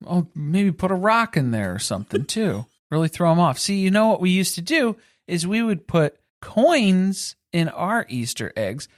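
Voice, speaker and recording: A woman's voice: fairly low pitch, very animated, moderate pace, hardly any pauses, no room sound. A woman co-hosting a podcast, recapping a reality show in casual chat with dry, sarcastic humor. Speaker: podcast co-host.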